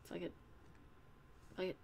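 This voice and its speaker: A woman's voice: measured pace, a little mellow, slight background noise. A young woman talking on a live stream, in a candid, rambling way with casual swearing. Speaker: streamer and audio creator.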